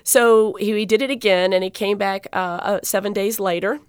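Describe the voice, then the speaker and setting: A woman who works as a dental assistant, telling a personal patient story in an interview, heartfelt and animated, with many fillers and restarts. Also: mid-range voice, normal speed, clear, resonant tone, dry recording, studio quality.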